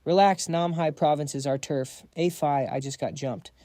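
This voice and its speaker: A man's voice: fairly high pitch, steady tone, moderate pace, warm tone, no echo, clean studio sound, lightly acted. A man voicing a sleazy, spoiled young heir who leers and boasts in a recap story. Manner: leering, boastful.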